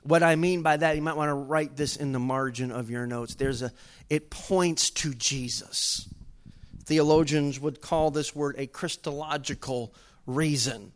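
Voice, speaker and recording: A male pastor, preaching a sermon in a conversational way that rises to loud, emphatic bursts. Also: on the high side, steady tone, measured pace.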